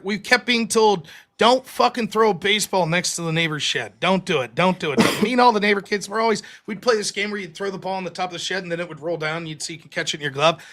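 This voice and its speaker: Bright high-voiced man, profane and animated. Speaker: debater. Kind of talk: casual debate chat.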